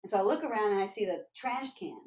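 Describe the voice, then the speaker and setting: Animated woman telling a story, roomy. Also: mid-range voice, quick pace. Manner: animated, laughs often, acts out quotes. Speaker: guest tap dancer. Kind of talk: casual storytelling. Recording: roomy echo.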